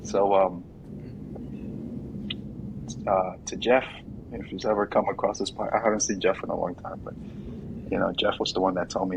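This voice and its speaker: A man speaking as a guest in a casual interview, animated and quick to act out what others say. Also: deep voice, creaky, background noise. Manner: animated, acts out quoted voices loudly.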